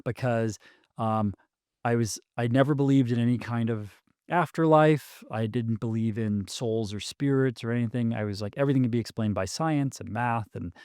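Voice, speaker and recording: Male guest, 40s, halting storyteller, mid pitch, dry. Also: darkish tone, smooth, no room sound. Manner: halting, restarts often, many ums. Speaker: podcast guest. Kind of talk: casual storytelling conversation.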